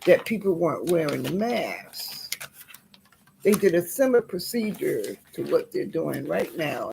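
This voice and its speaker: A woman's voice: lowish voice, vocal fry, darkish tone, slight background noise. A woman vlogging to her viewers, reading old letters aloud and reacting with indignation while she sorts through papers. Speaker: YouTuber.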